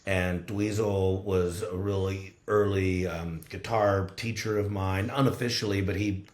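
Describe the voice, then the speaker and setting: A man's voice: low-pitched, steady tone, unhurried. A man from Los Angeles, a guest musician, telling rambling road stories casually and swearing freely. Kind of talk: casual storytelling. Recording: roomy echo.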